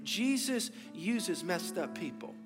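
Man, pastor, emphatic sermon, high voice, long hall reverb, faint music. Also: big pitch swings, takes it slowly. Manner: emphatic preaching with repeated phrases and rhetorical questions. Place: church sanctuary during a service.

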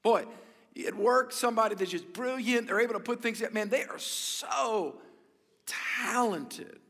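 High bright-voiced guy preaching a sermon, upbeat and jokey, stumbles and repeats words, big church hall with long echo. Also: moderate pace. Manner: energetic, joking, repeats words. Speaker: pastor. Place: large church auditorium.

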